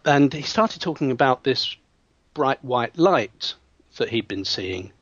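Brief: man, hypnotherapist storyteller, animated, restarts, dull dry recording. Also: medium pitch, slow, breathy edge, dry recording. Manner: lively storyteller who acts out quoted voices, frequent restarts. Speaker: hypnotherapist telling a client story. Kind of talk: anecdotal storytelling in an interview.

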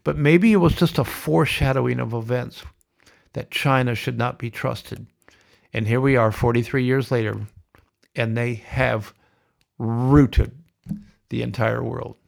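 A man's voice: mid-range voice, steady tone, moderate pace, gravelly. A middle-aged man hosting a podcast, delivering a blunt, sardonic, ranting monologue. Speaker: podcast host.

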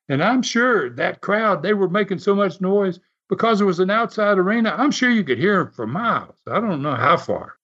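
A man's voice: high voice, fairly bright tone. A man, a former wrestler, telling a story in a folksy, laughing way with many fillers. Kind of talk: casual storytelling. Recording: slightly muffled recording.

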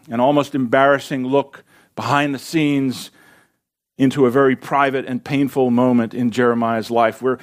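A man preaching a sermon to his congregation, in a folksy, conversational way with asides to the listeners. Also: fairly high pitch. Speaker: pastor.

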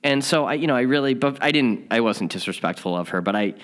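A man's voice: medium pitch, lively intonation, fast talker, fairly bright tone. A man teaching a spiritual lesson, telling a candid story in a rambling, self-mocking way before reading the day's lesson.

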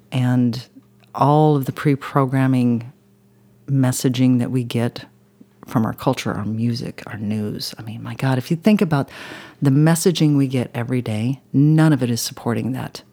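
A woman's voice: very deep voice, dark tone. A woman telling a personal story as a podcast guest. She talks in an earnest, rambling way with many "you know" asides. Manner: emotional, intense when recalling the crash.

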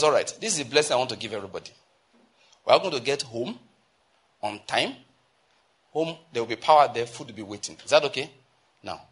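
Husky-voiced Nigerian pastor preaching emphatically. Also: male voice, medium pitch, fairly bright tone. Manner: emphatic preaching, rising to urgent exhortation and slowing to stress phrases. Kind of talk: sermon.

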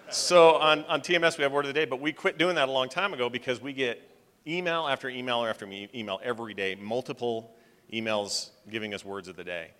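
A man's voice: mid-range voice, a little fast. A man hosting a live panel, joking and calling on audience members in a large hall. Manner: lively, joking, calls on people. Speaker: podcast host running a live panel Q&A.

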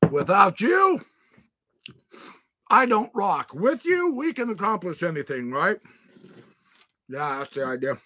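Lively bright-voiced host, mouth full. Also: medium pitch, takes it slowly, long pauses. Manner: playful, greets viewers by name, exclaims loudly. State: talking with mouth full while eating. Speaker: livestream host. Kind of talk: casual live-stream chat.

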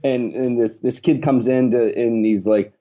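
A man's voice: mid-range voice, steady tone, unhurried, warm tone. A man chatting casually, rambling and swearing, often laughing as he talks. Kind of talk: casual chat.

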